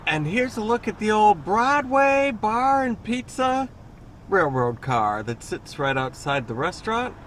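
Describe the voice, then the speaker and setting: A man's voice: high-pitched, big pitch swings, a little slow, a bit bright, slight background noise. A man hosting a casual travel vlog, chatty and self-deprecating, with hesitant restarts, recorded on a camera mic while out and about. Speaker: travel vlogger host. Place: out and about in a city neighborhood and a bar.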